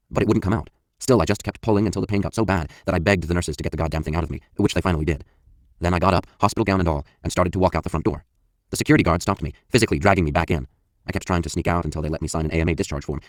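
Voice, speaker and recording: A man's voice: sits low, no echo, studio quality. A man reading a first-person memoir audiobook in a blunt, confessional, profane manner. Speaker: audiobook narrator.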